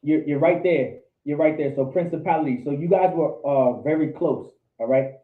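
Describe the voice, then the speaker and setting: A man's voice: a little high, normal speed. A man leads a Bible study, firing questions at his students and hammering points home through repetition. His voice comes through thin and tinny, like over a phone line, and echoes around a room. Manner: quizzes students, repeats for emphasis. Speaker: Bible class teacher. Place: indoor meeting room with a class.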